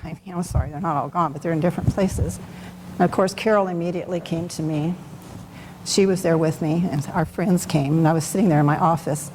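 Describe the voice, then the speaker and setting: A middle-aged woman with a lowish, slightly mellow voice speaks openly and off the cuff at a Bible study, relating her testimony conversationally. Long hall reverb and faint background noise color the recording.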